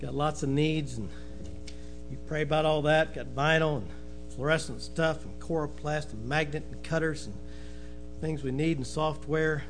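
A man's voice: on the high side, steady tone, moderate pace, faint music behind. A man preaching, telling folksy jokes and calling out amen and brother. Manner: folksy, says "amen" and "brother" often, laughs at own jokes. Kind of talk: joking sermon opening.

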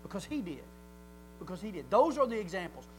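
A man preaching a sermon in a church, folksy and conversational, building to loud, fervent emphasis. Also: high-pitched, very animated, fairly quick, a little hiss or hum, rough recording.

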